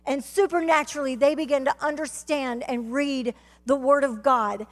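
A woman with a Southern US accent giving a fervent testimony sermon as a guest speaker, telling her story and building to shouts. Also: high-pitched, steady tone, normal speed. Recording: reverberant hall.

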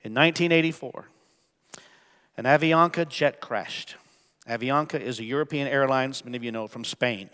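A male pastor preaching a sermon, swinging from hushed, quiet passages to loud, emphatic calls. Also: mid-range voice, normal speed, clear, resonant tone. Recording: long church reverb with soft music.

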